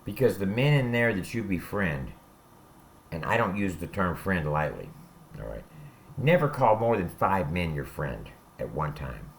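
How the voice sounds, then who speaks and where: His voice sits low and shows vocal fry and big pitch swings as this former prisoner talks a little slowly, with slight noise in the background. He shares blunt, profane stories from his time locked up in an informal spoken style, regularly asking "all right?"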